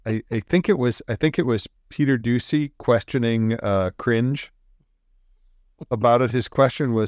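A man in casual podcast chat, dropping wry, deadpan jokes. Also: mid-range voice, moderate pace, dry recording, studio quality.

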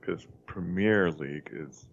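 A man with a very deep, gravelly voice speaks haltingly, with dry humor. His audio comes through dull and muffled. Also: a little hiss or hum. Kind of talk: casual chat.

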